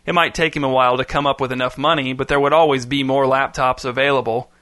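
A man reading a story aloud in steady, even scripted narration. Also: mid-range voice, fast talker, no echo, studio quality.

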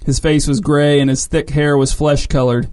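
A man narrating a story in an even, measured way. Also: a little high.

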